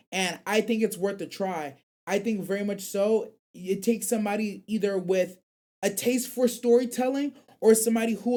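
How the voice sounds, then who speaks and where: A man's voice: high voice, dark tone. A young man hosting an anime call-in radio show, chatting casually and reading viewer comments in loose, slang-heavy rambles.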